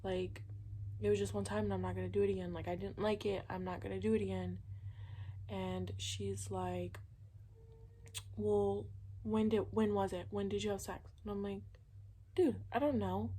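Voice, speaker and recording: A woman's voice: mid-range voice, level tone, moderate pace, dark tone, husky. A young woman casually telling a personal story, chatty and candid, filling her talk with "like" and acting out what people said. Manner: candid, chatty, many "like"s, acts out quoted dialogue. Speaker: vlogger.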